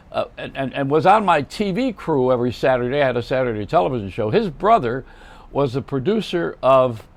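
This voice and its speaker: An older man hosts a storytelling monologue, drifting from one anecdote to the next. His voice is gravelly and his pitch moves with lively swings. He keeps restarting phrases and correcting himself as he goes. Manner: rambling, self-correcting anecdotes. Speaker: radio host.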